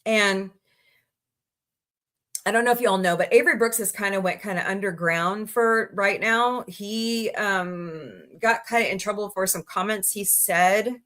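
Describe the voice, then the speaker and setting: Woman livestream host, casual, rambling, quick to laugh, home desk mic. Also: fairly bright tone. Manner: chatty, rambling, reads chat aloud and greets viewers; laughs easily, voices reactions with sudden high squeals.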